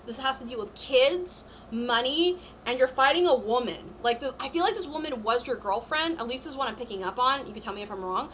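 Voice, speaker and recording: A woman's voice: sits high, lively intonation, brisk, few pauses, a bit bright, slight background noise, low-quality recording. A woman giving a live-streamed tarot reading in a chatty, reassuring way, full of "like" and "I feel like". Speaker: tarot reader.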